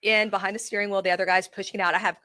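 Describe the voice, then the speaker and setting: Bright, laughing woman telling a wild story. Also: medium pitch, little pitch movement, racing, dry recording. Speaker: real estate consultant, guest. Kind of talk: casual storytelling interview.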